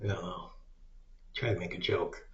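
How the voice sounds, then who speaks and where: Man, rambling profane rant, low voice, echoey room. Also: fairly even intonation, moderate pace, slight background noise. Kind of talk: casual ranting commentary. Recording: echoey room, dull lo-fi sound.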